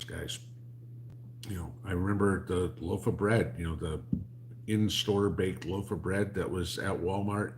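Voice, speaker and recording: A man's voice: low voice, a little hiss or hum. A man, hosting a livestream and answering chat in a blunt, rambling, sarcastic way.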